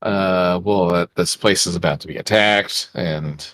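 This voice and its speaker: A man's voice: low-pitched, unhurried, fairly bright tone, no room sound. A man playing a tabletop game, speaking casually and matter-of-factly. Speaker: player.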